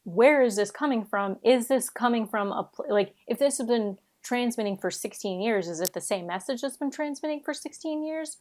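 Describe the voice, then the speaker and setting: A woman's voice: a little high, lively intonation, moderate pace, few pauses, darkish tone. A woman co-hosting a podcast, chatting casually about TV in a blunt, emphatic way and swearing freely. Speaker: podcast co-host.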